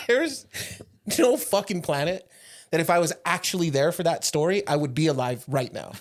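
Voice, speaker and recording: A young man co-hosting a podcast, telling stories in a casual, animated way, teasing his friend and laughing a lot. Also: fairly high pitch, normal speed. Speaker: podcast co-host and business owner. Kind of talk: casual chat.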